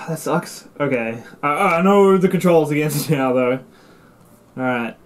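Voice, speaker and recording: Excitable swearing young gamer guy. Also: a little high, slow. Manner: swearing, excitable, yelps when startled. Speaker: let's play gamer. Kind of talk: casual gameplay commentary. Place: home room. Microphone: desk mic and camera mic.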